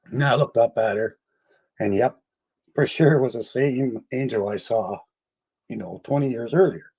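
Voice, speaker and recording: Speaking unhurriedly at a medium pitch, an older man with a slightly mellow, breathy voice recounts his experiences as a paranormal investigator. The interview is relaxed storytelling: he wanders off track, laughs frequently, and imitates the voices of others.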